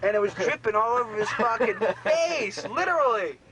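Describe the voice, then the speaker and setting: A man's voice: extremely high pitch, animated, moderate pace, a loud crowd, low-quality recording. A man from a band's road crew, sitting on a tour bus and telling a laughing, profane anecdote to the camera. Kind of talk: casual storytelling to camera.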